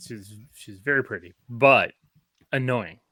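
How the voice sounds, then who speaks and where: A man's voice: mid-range voice, measured pace, sharp tone, dry recording. A man in a casual movie review podcast chat, wry and dry, stammering with restarts. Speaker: podcast guest.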